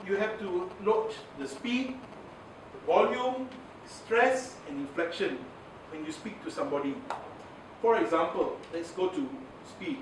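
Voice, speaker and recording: High-voiced man teaching in an echoey hall. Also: unhurried, noisy background. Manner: animated, laughs often, acts out examples. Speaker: communications trainer. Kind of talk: lively workshop talk. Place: large room with audience. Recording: very echoey room, voice from far off.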